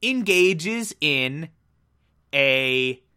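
A man eagerly recaps an anime plot in a loose, rambling way, full of fillers and restarts. His voice is bright and sharp, a bit high for a man. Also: expressive, extremely slow, smooth.

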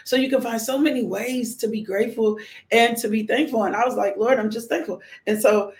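A woman's voice: fairly high pitch, fairly even intonation, brisk. A middle-aged woman hosting a live stream, talking in a heartfelt, rambling way and repeating herself. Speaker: livestream host, widowed mother. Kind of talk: casual live-stream chat.

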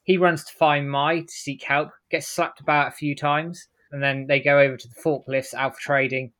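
A man co-hosting a podcast, briskly recapping an episode and tossing off the characters' quotes as he goes. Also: a little high, level tone, fairly bright tone. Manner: brisk storytelling, acts out quotes in passing. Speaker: podcast co-host. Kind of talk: casual recap narration.

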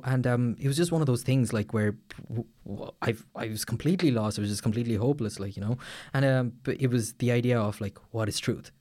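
A man's voice: medium pitch, fast talker, darkish tone. A man co-hosting a casual faith podcast, rambling with many fillers and restarts. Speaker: podcast co-host.

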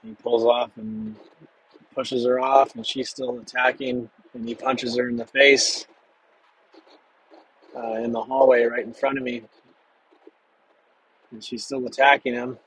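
A man telling a personal story from his past in a halting, measured way with long pauses. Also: mid-range voice, level tone, fairly bright tone, a little hiss or hum, rough recording.

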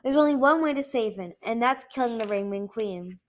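A woman's voice: on the high side, expressive, fairly quick, close to an everyday voice. A woman reading a storybook aloud and voicing a fierce, exhausted young female ice dragon who snarls and spits her words. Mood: bitter. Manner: snarling, spitting, bitter. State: sleepless, wounded.

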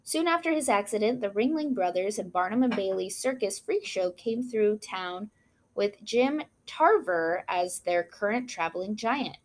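A woman's voice: medium pitch, animated, a little slow. A woman co-hosting a casual chat, reading out history notes with frequent asides and apologies for mispronounced names. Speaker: podcast co-host.

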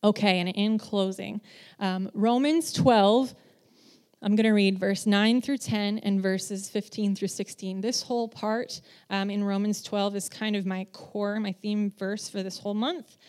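A woman's voice: medium pitch, unhurried. A woman giving a conversational sermon as a church speaker who works in children's ministry, candid and self-deprecating, acting out the voices she quotes. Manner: animated, acts out quoted voices.

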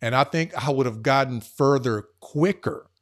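A man speaking as a podcast guest, earnest and emphatic, shifting between quick bursts and slow, stressed words. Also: medium pitch. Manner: earnest and emphatic, speeding up and slowing down. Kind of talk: casual conversational podcast talk.

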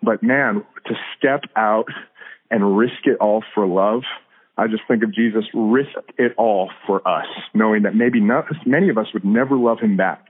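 A man, likely in his thirties, telling a faith story as a guest in a casual interview, animated and quick to laugh. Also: lowish voice, breathy edge. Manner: animated, laughs often, repeats words. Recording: phone-like narrow band audio.

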